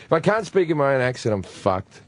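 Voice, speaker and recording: A man talking as a guest comedian on a radio show, telling self-mocking stories with quick restarts. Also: medium pitch, very animated, dry recording. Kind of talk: casual studio chat.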